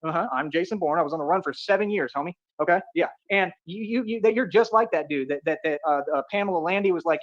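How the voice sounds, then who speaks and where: Fast-talking boastful man. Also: high voice, animated. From Atlanta, United States. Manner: boastful, repetitive, keeps saying "real talk". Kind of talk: boastful rambling rant.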